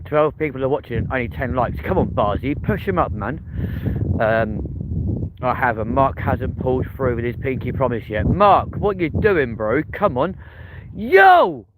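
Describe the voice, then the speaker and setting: A man's voice: medium pitch, expressive, normal speed. A man with a Manchester accent hosting a casual live stream, joking and talking straight to his viewers. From England. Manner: chatty, jokey, addresses the chat directly. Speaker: livestream host. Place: in a car. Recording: clear background noise.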